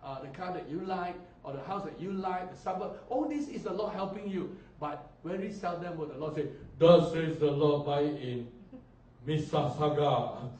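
A male pastor preaches with animated swings between loud, mocking imitations and quiet asides. His voice sits a bit high and is caught from a distance. The sound carries a roomy echo with faint ambient noise behind it. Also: brisk, few pauses. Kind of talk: sermon. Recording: echoey hall, distant mic.

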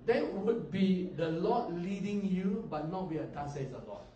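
Pastor, male, slightly high voice, lively sermon delivery, distant mic in a reverberant hall. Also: unhurried, dull audio, slight background noise. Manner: animated preaching, mimics people, swings loud and soft.

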